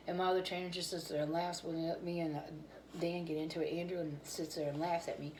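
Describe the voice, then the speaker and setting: A woman's voice: deep voice, fairly even intonation, a little fast, a little mellow, a little hiss or hum, low-quality recording. A woman hosting her own cooking channel, chatting casually and candidly with viewers while tired and yawning. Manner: rambling, candid, talks about fitness and feelings.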